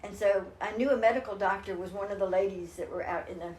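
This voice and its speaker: A woman's voice: mid-range voice, quick pace, darkish tone, a little hiss or hum. An older woman speaking as an interview guest, telling a personal story in an earnest, rambling way with many restarts. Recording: roomy echo.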